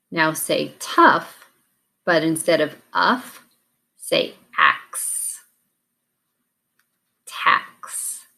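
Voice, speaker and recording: A woman teacher leading a phonics drill, speaking clearly and carefully with pauses between prompts. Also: low-pitched, sharp tone. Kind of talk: slow, deliberate phonics drill instruction.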